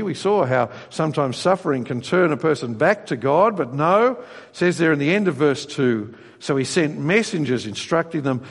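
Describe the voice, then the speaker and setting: A man preaching a sermon, expressive and conversational, briefly acting out voices when he quotes. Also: mid-range voice, long reverb tail.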